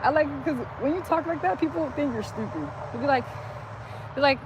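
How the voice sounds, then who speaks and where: A woman's voice: high voice, a little fast, dull audio. A woman livestreaming outdoors by a street, chatting casually and rambling, saying "like" constantly, into a phone. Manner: says "like" constantly, loose and rambling. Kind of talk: casual rambling stream chat. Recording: loud outdoor street noise.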